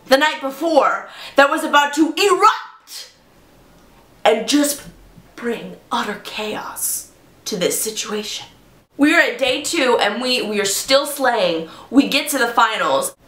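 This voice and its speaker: Woman vlogger, storytime delivery, dramatic and animated; bright, forceful tone, slightly high voice, echoey room. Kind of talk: storytime vlog.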